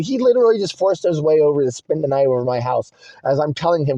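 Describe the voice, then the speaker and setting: Agitated high-pitched young man venting. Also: fast talker, dark tone, dry recording. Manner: agitated, swearing, rambling and repetitive. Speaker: vlogger. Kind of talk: personal venting monologue. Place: inside a car. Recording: dry, muffled lo-fi recording.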